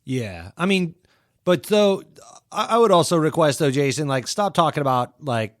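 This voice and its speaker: A man's voice: on the high side, animated, moderate pace, no room sound, studio quality. A man in his thirties co-hosting a casual film podcast, wry and joking, trailing off with fillers. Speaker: podcast co-host.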